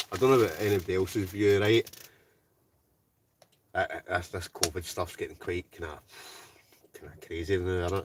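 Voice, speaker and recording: A man's voice: low-pitched, distant mic, a little hiss or hum. A Scottish man hosting a live stream from inside a hot tent, chatting casually and reading out viewer comments, often ending lines with "right?". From Scotland. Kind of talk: casual live-chat banter.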